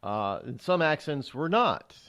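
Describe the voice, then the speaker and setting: A man's voice: a little high, very animated, measured pace, a bit bright, clear, resonant tone. A man hosting a show, talking in a rambling, chatty monologue with frequent restarts. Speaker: radio show host. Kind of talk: casual monologue.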